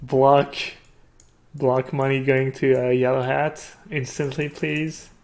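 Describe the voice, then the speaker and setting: A man voicing a fussy male viewer phoning his bank, in a gravelly voice. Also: mid-range voice, level tone, takes it slowly, darkish tone. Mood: mock polite.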